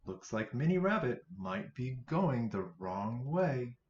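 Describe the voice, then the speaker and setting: A man hosting a children's storytime, reading picture books aloud in an animated, playful way. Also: medium pitch, slow pace, a little hiss or hum. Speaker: children's librarian, storytime host. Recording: roomy, slightly dull sound.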